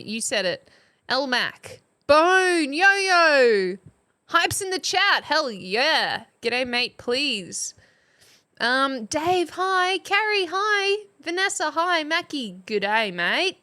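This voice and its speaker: A woman's voice: high voice, bright, forceful tone. A woman streaming as a playful mock substitute teacher, chatting casually and reading out viewers' names.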